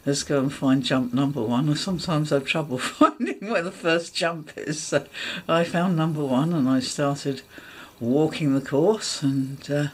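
A woman with a husky, breathy voice tells a funny story from her own life. She chats along casually, breaking into laughter and voicing her own surprised thoughts as she goes. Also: deep voice, unhurried. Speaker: dog agility vlogger. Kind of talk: casual anecdote.

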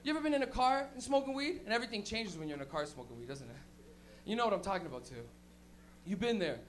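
A man doing a profane, animated stand-up routine at an open mic, acting out characters as he goes. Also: high-pitched, fast talker, slight background noise. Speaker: stand-up comedian. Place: comedy open mic in a crowded apartment.

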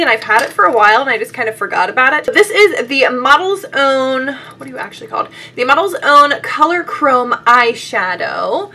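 A young woman talks through her favorite beauty products in a loose, chatty vlog style. She laughs often and leans on "like" as she goes. Her voice is bright and forceful and sits a bit high. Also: a little hiss or hum. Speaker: beauty vlogger. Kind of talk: casual makeup favorites vlog.

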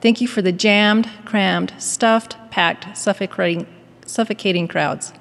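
A woman's voice: mid-range voice, fairly even intonation, a little slow, vocal fry, long reverb tail. A woman reading as a weary, reluctant prisoner. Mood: exasperated. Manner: reluctant, exasperated.

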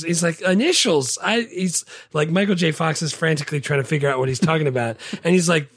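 A man's voice: a little high, brisk, hardly any pauses, dry recording, clean studio sound. A man co-hosting a podcast in casual movie chat, animatedly acting out lines from a film in raised voices. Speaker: podcast co-host.

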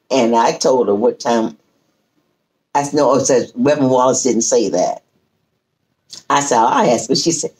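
A woman telling a family story in casual chat, acting out what each person said. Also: extremely low pitch. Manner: lively storyteller who acts out quoted speech. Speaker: host.

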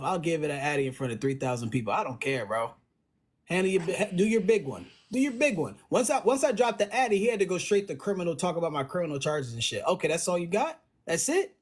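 A young man in a heated casual live stream chat, slangy and indignant, talking through a phone. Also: fairly high pitch.

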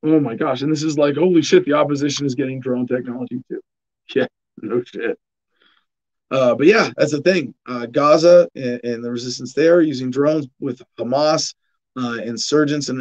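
A podcast host with a medium-pitched, darkish voice reads headlines and riffs on them sarcastically in casual news commentary. He often restarts and laughs, and the sound is lo-fi.

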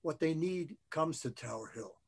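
A man plays a weary, grim soldier in a storybook reading. He speaks quietly and low, with a tired weight in each line. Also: expressive, normal speed.

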